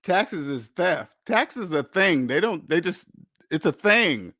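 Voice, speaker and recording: Host, male, slightly high voice, blunt lecturing delivery, dry close recording. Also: sing-song, slow, fairly bright tone, no echo. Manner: blunt, lecturing, repeats points for emphasis. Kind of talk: casual monologue.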